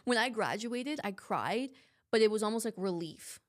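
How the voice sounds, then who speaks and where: A woman's voice: mid-range voice, lively intonation, normal speed. A young woman co-hosting a podcast, talking in a reflective, casual way with lots of "like". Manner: reflective, heavy use of "like". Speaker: podcast co-host. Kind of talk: casual chat.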